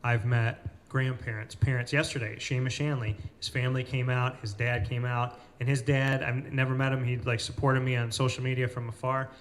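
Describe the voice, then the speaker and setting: A man hosting a casual interview in a cafe, telling stories with lively retellings of what people said. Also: mid-range voice, normal speed, hardly any pauses, slight background noise. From Central New York. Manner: animated storyteller, acts out quoted people. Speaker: host.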